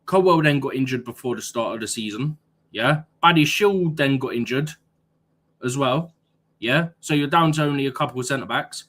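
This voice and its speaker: A man's voice: medium pitch, fairly bright tone. A man co-hosting a football live stream, arguing his points and tagging "yeah?" onto them in casual chat.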